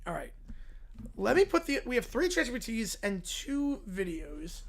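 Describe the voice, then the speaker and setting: A man's voice: extremely high pitch, sing-song, normal speed, creaky. A man hosting a casual livestream, laid-back and amused, muttering asides and reading out chat. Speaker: livestream host.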